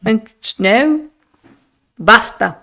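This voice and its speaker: A woman's voice: a little high, drawn-out words. Chatty streamer woman. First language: Spanish. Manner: chatty and expressive, laughs often, slips into Spanish phrases. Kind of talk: casual live-stream chat. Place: at home, streaming on camera. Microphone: desk microphone.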